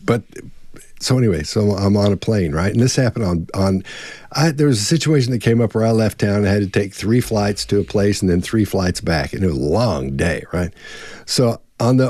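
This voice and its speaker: A middle-aged man co-hosting a live online Q&A, telling a long story in a rambling, animated way and acting out the voices of the people in it. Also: lowish voice, dry recording, studio quality. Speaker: co-host answering member questions. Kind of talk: casual storytelling chat. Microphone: online live stream.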